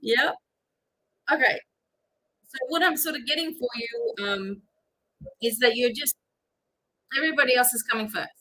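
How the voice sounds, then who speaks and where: A woman's voice: a little high, moderate pace, pauses often, bright, forceful tone. A woman hosting a live-stream psychic reading, chatty and instructive, with many fillers. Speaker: psychic reader.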